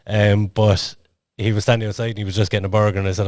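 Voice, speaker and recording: A man's voice: on the low side, flat delivery, rapid-fire, a little mellow, no room sound, studio quality. A man co-hosting a podcast, chatting casually in a rambling way with lots of fillers. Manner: rambling, filler-heavy storytelling. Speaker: podcast co-host and interviewer.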